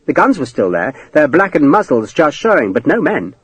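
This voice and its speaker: A man narrating an audiobook in a dramatic, expressive reading style. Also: fairly high pitch, normal speed, slightly rough, poor audio. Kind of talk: scripted narration.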